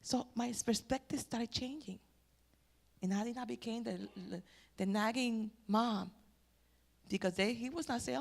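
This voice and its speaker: A middle-aged woman giving a personal testimony at a church family event. She swings between loud exclamations and near-whispers. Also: high voice, fairly quick. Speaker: church family-life speaker.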